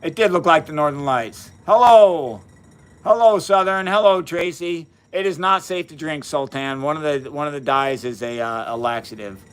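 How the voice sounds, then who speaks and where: A cheerful man in his fifties, voice sitting a little high for a man, chats casually with his live audience from his basement. He thanks viewers one by one in a friendly, folksy way, tossing out quick asides. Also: clear, resonant tone. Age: 50s. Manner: upbeat and folksy, greeting viewers by name. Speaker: science livestream host. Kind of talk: casual live-stream chat. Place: home basement.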